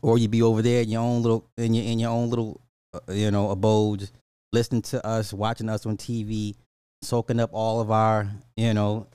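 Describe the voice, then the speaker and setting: Ranting American man with a dark voice. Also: on the low side, clear, resonant tone, dry recording, studio quality. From United States. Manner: incredulous, repetitive, mocking. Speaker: commentary host. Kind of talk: ranting reaction commentary.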